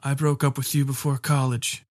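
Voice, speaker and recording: A man voicing a drugged young woman held captive, answering in a weak, raspy voice with swearing, hostile retorts. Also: medium pitch, little pitch movement, normal speed, darkish tone, no room sound, clean studio sound, lightly acted.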